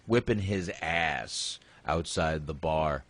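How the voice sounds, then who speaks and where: A man's voice: rumbling low, slow, fairly bright tone, no echo. A man hosting a casual movie review podcast, retelling scenes in a rambling, profane way. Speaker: podcast host.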